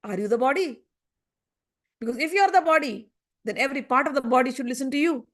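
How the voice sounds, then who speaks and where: Woman with a pretty high voice teaching scripture, keeps firing questions at you. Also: quick pace. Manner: pressing rhetorical questions, repeating phrases for emphasis. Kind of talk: spoken commentary on a spiritual text.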